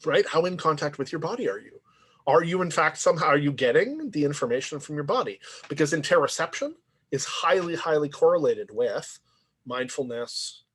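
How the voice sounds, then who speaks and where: A man gives a university lecture in a loose, conversational way, tossing in "right?" as he goes. His voice sits a little high and has a husky edge. He talks things through in a reflective tone. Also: lively intonation, a little fast, a bit bright.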